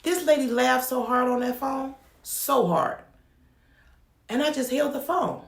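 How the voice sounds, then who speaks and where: A woman's voice: high-pitched, a little slow, vocal fry, roomy sound. A woman who runs a home child care business, talking frankly to the camera and telling her stories with emphasis. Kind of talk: candid talk-to-camera advice.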